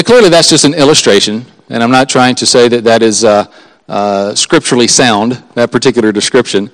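A man's voice: mid-range voice, poor audio. A pastor preaching a sermon to his congregation in a church, talking earnestly and conversationally, with chuckling asides and appeals that build in emphasis. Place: church sanctuary before a congregation.

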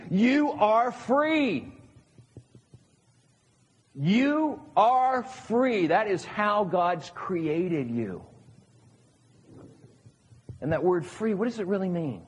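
A man's voice: sits high, breathy edge. A male pastor giving a sermon at a church service in a conversational way, asking his listeners questions. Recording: long reverb of a large hall.

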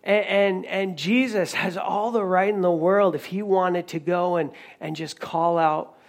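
A man delivers a sermon in an easy, conversational way, often restarting his sentences as he retells a story. His voice sits fairly high for a man and carries a gravelly rasp. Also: fairly even intonation, measured pace. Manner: conversational preaching with many restarts and retold dialogue. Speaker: pastor.

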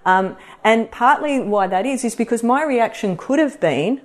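A woman's voice: a little high, normal speed. A middle-aged woman hosting a podcast, talking casually to an audience and acting out quoted voices. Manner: chatty, animated, acts out quoted voices. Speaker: podcast host and practitioner. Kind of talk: casual live talk to an audience.

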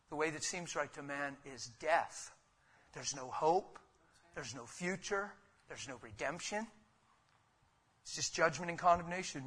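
A man preaching an impassioned sermon in church. He swings from loud exhortation to near whispers and piles up repeated phrases. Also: fairly high pitch, normal speed. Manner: repetitive rhetorical build-ups.

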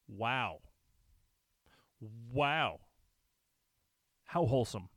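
Guy ranting slowly on his vlog, blunt and sarcastic, dry close sound. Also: mid-range voice, expressive, no room sound. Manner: blunt, profane, indignant; sarcastic asides. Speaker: vlogger. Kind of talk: reading aloud and commenting.

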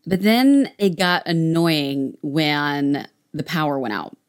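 A woman from Texas, hosting a casual chat and telling stories in an animated way. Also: sits low, slow, smooth. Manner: animated storyteller, acts out quotes.

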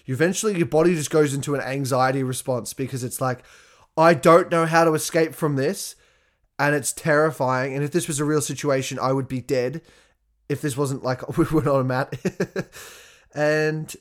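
A young adult man talking in a casual monologue, swearing often and laughing as he speaks. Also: medium pitch.

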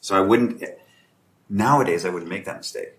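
A man with a very low voice talks through a casual round-table discussion. He acts out both sides of the exchanges he describes. The room around him rings with echo. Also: moderate pace, a little hiss or hum. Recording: echoey room.

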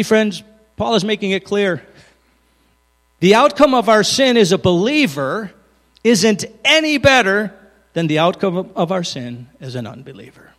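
A man preaching a sermon as pastor, earnest, moving from loud emphasis to hushed, intimate lines. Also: fairly high pitch, long reverb tail.

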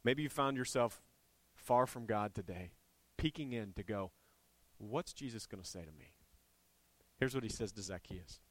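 A man preaching a sermon as a church pastor, storytelling with animated swings, climbing to fervent, near-shouted peaks. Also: fairly low pitch, normal speed, no echo. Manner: animated, rising to impassioned shouting.

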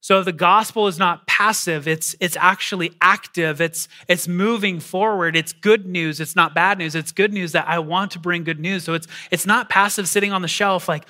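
A man preaching a sermon to a congregation, animated and repeating words as he goes. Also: sits high, moderate pace, hardly any pauses. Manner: animated, repeats words, acts out quoted voices. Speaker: pastor. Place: church hall before a congregation.

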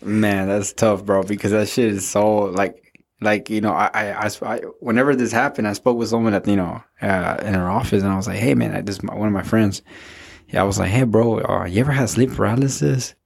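Young male co-host, slightly low voice, loose rambling storyteller, peppers everything with "bro". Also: steady tone, a little fast, gravelly. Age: young adult. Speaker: podcast co-host. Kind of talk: casual storytelling among friends.

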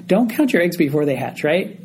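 A man's voice: a little high, sing-song, a little fast, darkish tone, breathy edge, rough recording. A man teaching a group Bible study, explaining a passage verse by verse and often checking in with his listeners.

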